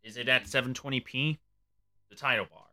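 A man's voice: mid-range voice, steady tone, fairly quick, sharp tone. A man hosting his own show in casual livestream chat, rambling and offhand, sometimes stumbling over his words. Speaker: host.

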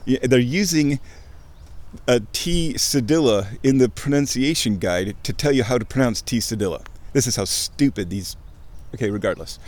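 A man recorded on a handheld mic as he walks outdoors beside a creek, chatting to the camera. He rambles, cuts himself off mid-thought and swears offhandedly. His voice sits at an ordinary middle pitch but swings up high when something delights him. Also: moderate pace. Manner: excitable, self-interrupting, swears casually. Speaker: vlogger. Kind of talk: rambling casual monologue.

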